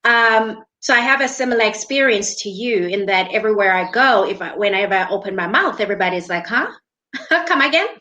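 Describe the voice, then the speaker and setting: A woman's voice: medium pitch, fast, few pauses, sharp tone, highs cut off. A woman from South Africa co-hosting a podcast, chatting casually and laughing often. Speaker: podcast co-host. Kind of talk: casual chat.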